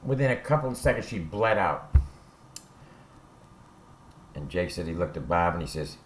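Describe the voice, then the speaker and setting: A man's voice: low voice, expressive, moderate pace, pauses often, a bit bright, a little hiss or hum. A man who served time tells prison stories in a blunt, profane way and keeps checking in with "all right?". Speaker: former prisoner telling stories. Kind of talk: casual spoken storytelling.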